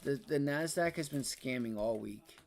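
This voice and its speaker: A young man hosting a live day-trading stream, ranting and swearing about the market, swinging between loud outbursts and low muttering. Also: moderate pace, vocal fry. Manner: frustrated, profane, ranting about price action. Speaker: day trading livestream host.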